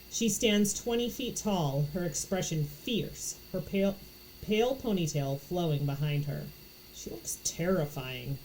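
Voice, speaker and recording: A woman's voice: sits low, a little mellow, slight background noise, rough recording. A woman from Florida reading a novel aloud, narrating in first person with expression. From Florida, USA. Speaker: audiobook reader.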